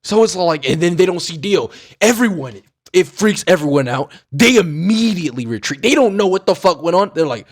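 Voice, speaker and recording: A young man rants casually as a streamer, swearing freely. His pitch swings widely between loud excited bursts and low mumbling trail-offs. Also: a little fast, hardly any pauses. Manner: animated, profane, trails off into mumbles. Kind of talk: casual rant about an anime.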